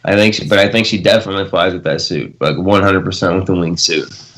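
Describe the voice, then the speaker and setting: Low-voiced man, animated podcast talk. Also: fast. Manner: animated, talks over others, lots of fillers. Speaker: podcast co-host. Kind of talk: casual chat.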